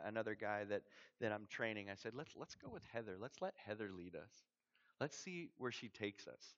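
Animated Canadian man telling a sermon story. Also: on the low side, highs cut off. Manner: animated storyteller, acts out dialogue, dramatic drops to quiet. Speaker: missionary preacher.

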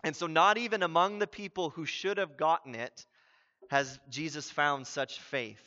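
A man preaching a sermon as a pastor, animated and building to emphatic exclamations. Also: a little high, normal speed, muffled recording.

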